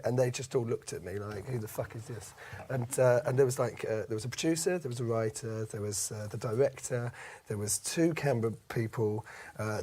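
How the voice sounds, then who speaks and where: A man's voice: medium pitch, a little mellow. A man telling a comic story in casual chat, rambling with many fillers and restarts, swearing and laughing along. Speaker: comedian guest.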